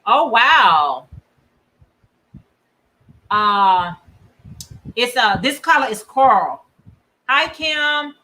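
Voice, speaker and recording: A woman hosting a crafting livestream, chatting casually and warmly reading out viewer comments. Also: a little high, very animated, drawn-out words, pauses often, rough recording. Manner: chatty, reads viewer comments aloud, encouraging. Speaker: crochet livestream host. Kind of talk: casual chat with live viewers.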